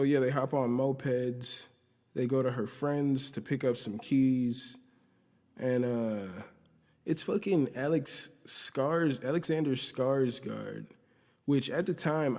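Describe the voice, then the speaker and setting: A man's voice: takes it slowly, mellow. A man hosting a podcast, recapping a TV episode in a rambling, profane, casual way and quoting the characters as he goes. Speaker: podcast host. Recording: roomy low-quality audio from video.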